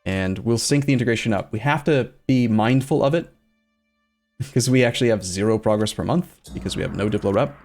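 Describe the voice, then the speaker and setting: A man's voice: lowish voice, brisk, a little mellow, faint music behind. A man streaming a strategy game, chatting casually as he plays, thinking aloud and answering his chat. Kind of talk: casual let's-play commentary.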